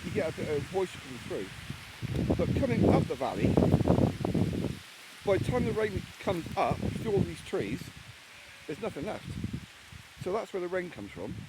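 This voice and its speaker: A man's voice: high voice, very animated, unhurried, long pauses, very noisy. A man from England talking casually and bluntly as he rambles about his camp, swearing freely, outdoors in rainy woodland. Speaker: solo camper vlogger. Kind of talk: casual outdoor vlog talk. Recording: outdoor recording with loud rain.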